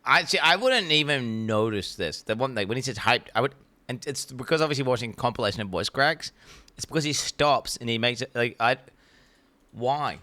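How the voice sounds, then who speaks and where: A young adult man streaming a game, chatting casually with his viewers and ranting excitably, swearing freely. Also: medium pitch, normal speed. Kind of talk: casual live-stream chat.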